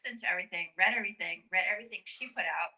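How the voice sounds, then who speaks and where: A woman's voice: on the low side, very fast, sharp tone, low-quality recording. A woman in a casual discussion, earnestly explaining why her views changed. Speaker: guest speaker in a discussion. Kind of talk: casual chat.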